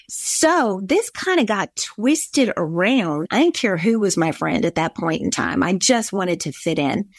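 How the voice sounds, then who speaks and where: A woman's voice: mid-range voice, dry recording, studio quality. A woman with a Southern accent from Georgia, earnestly telling a personal story on a talk show.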